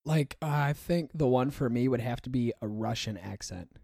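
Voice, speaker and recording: A man's voice: mid-range voice, normal speed, creaky, a little mellow, breathy edge. A young American man hosts a casual podcast in a loose, joking way. He swears freely and laughs at his own cracks as he talks. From United States. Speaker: podcast host.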